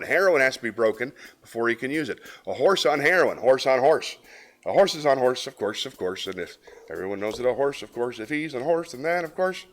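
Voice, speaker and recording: A man's voice: medium pitch, expressive, fairly quick, a bit bright. A man hosting a live stream, chatting casually with viewers and joking about their comments in a playful way. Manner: playful, jokey, reads chat comments aloud. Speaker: host of a live variety stream.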